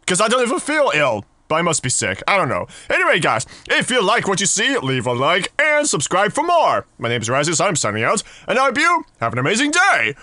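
A high, lively male voice rising and falling sharply, as an excitable gamer narrates his horror playthrough. His tone is bright and a little sharp, and he reacts out loud as the scares land. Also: a little fast, few pauses, dry recording. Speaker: gaming channel host. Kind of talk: horror game let's play commentary.

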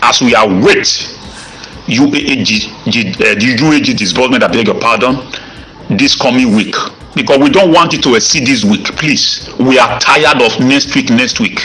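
A Nigerian man, a self-styled evangelist, recording a threatening voice-note rant full of repetition, halting restarts and filler sounds. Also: medium pitch, bright, forceful tone, slight background noise, low-quality recording.

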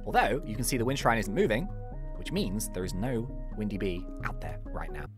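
A woman's voice: a bass voice, big pitch swings, a little fast, over music. A woman giving casual commentary while playing a video game, rambling with many ums and likes. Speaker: gaming YouTuber.

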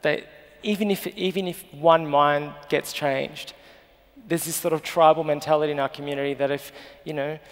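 A man's voice: a little high, steady tone, normal speed. A man with an Australian accent in his thirties, speaking earnestly and emotionally as a guest on stage. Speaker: journalist guest. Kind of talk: live stage interview. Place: festival stage. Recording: long hall reverb.

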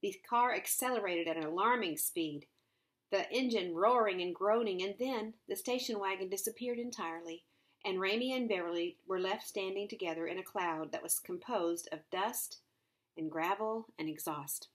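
A woman's voice: medium pitch, moderate pace. A woman reading a novel aloud, adding conversational asides with hesitant fillers. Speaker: reader.

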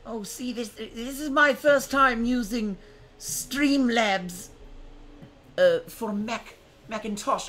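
A man's voice: very high-pitched, takes it slowly, pushed and bright. A man hosting his first live stream, chatting casually in a playfully dramatic, self-mocking way. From United States.

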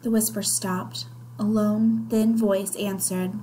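Slow, expressive woman reading a story aloud. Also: medium pitch, slight background noise, poor audio. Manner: slow, expressive first-person narration. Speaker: reader. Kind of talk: reading a children's novel aloud.

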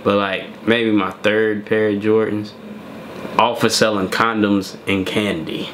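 A man's voice: on the low side, flat delivery, measured pace, fairly bright tone, a little hiss or hum. A young man co-hosting a reaction video, telling stories in an easygoing, joking way. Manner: laid-back storytelling, chiming in with jokes. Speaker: co-host. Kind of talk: casual reaction chat.

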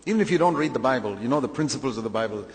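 A man's voice: mid-range voice, expressive, rapid-fire. Emphatic male preacher in a reverberant hall. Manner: emphatic, rhetorical questions, acts out quoted voices. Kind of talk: sermon.

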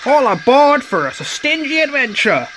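A man voicing a boastful male toy race-car engine in a squeaky, nasal way, over music. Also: very animated, moderate pace, very noisy. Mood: frantic.

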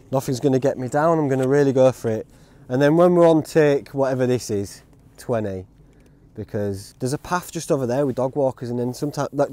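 A man's voice: medium pitch, warm tone. A man with a grumbling, rambling and self-mocking manner, chatting casually in the woods as he reviews outdoor gear. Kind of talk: casual vlog chat.

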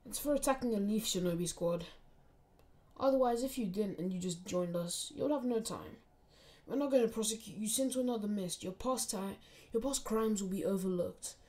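A woman voicing a young male ninja hero with a low-key, matter-of-fact delivery in a storybook reading. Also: normal speed, a little mellow, natural voice. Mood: reassuring.

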